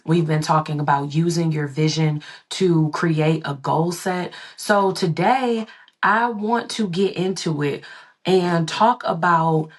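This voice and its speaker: A woman's voice: low-pitched, slow pace. A woman hosting a solo motivational podcast, talking in a playful, sing-songy way. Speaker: podcast host.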